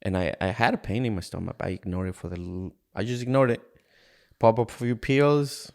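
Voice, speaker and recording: A man from Ecuador, a podcast guest telling his own story in an earnest, halting way, acting out past conversations. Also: lowish voice, creaky, darkish tone. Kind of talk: candid personal storytelling in an interview.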